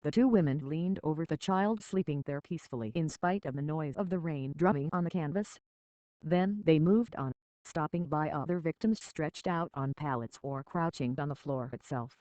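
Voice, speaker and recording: An audiobook reader narrating a children's novel in a measured, steady storybook voice, on a dull, dry lo-fi recording. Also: mid-range voice, no room sound.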